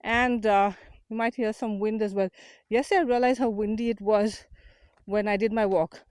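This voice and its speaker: With a steady, mid-range voice at normal speed and a darkish tone, this Indian woman speaks on a small portable mic with no echo. She founded a community and hosts an unedited vlog walking and talking outdoors, sounding earnest and motivational while slightly winded from the uphill climb.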